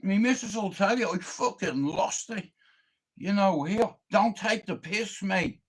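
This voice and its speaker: A fairly high-voiced Irish man rants to his livestream about a neighbour and a repairman. He swears constantly and talks in a boastful, combative way. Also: expressive, a little slow, husky. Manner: heavy swearing, confrontational, boastful. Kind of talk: casual storytelling rant.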